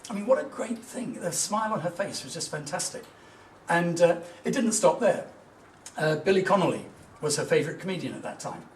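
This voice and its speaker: Middle-aged man, motivational business speaker, emphatic storyteller, slightly high voice, echoey room. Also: expressive, fairly quick, a little hiss or hum. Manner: anecdotal storytelling, emphatic and earnest. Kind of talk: motivational public talk. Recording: echoey room, voice from a distance, faint ambience.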